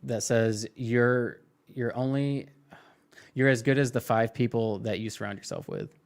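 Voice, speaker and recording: A man in his thirties, a guest on a casual podcast, talking in a relaxed, dry, joking way. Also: mid-range voice, measured pace, gravelly.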